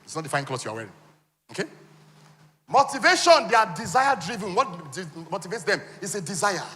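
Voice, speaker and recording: A Nigerian-accented man teaches a conference crowd, throwing questions out and waiting for the answer, with playful jabs along the way. His voice is bright and forceful, pitched a little high. It rings with the long reverb of a big hall. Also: brisk. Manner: animated, quizzes the audience with call-and-response questions; teasing, humorous asides. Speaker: conference speaker teaching on wealth. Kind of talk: interactive teaching talk with slides.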